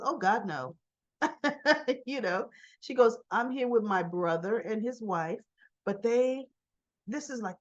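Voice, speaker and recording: A woman casually recapping a soap opera episode, acting out the characters' lines in an animated way and laughing often. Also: medium pitch, highs cut off.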